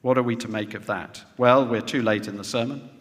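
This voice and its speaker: A man's voice: mid-range voice, steady tone, fairly quick. A man preaching a sermon to a congregation, often ending points with rhetorical tag questions. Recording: long reverb of a large hall.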